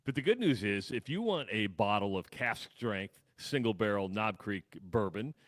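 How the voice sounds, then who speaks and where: A man's voice: lowish voice, animated, normal speed, a bit bright. A middle-aged man with a Midwestern American accent, co-hosting a casual radio show, rambling and self-deprecating with many restarts. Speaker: radio co-host. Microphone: studio microphone.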